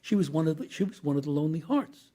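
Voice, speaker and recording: A man's voice: on the high side, lively intonation, racing, dark tone. An older man, an actor as a guest, telling long rambling anecdotes in an interview and acting out the voices he quotes. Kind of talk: storytelling interview.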